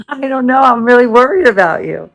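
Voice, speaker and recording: Middle pitch, short reactions, worried questions, casual chat. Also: animated, a little slow, vocal fry, a bit bright, rough recording. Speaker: listener reacting to a story.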